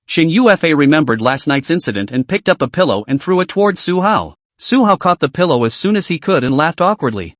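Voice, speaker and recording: A man narrating a comic manhwa story in a brisk, matter-of-fact way. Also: a little high, animated, no echo. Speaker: recap narrator.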